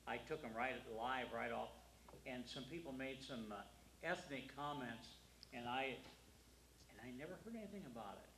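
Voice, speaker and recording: Male veteran broadcaster, anecdotal guest, middling pitch, roomy studio. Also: normal speed, sharp tone, slight background noise. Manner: chuckling anecdotes. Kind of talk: casual talk show chat.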